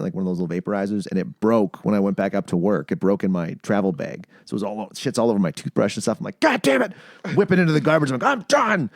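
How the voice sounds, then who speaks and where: A man hosting a casual podcast, telling stories with lively, acted-out quotes. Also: fairly low pitch, no echo, studio quality. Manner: animated storyteller, acts out quoted voices. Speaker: podcast host.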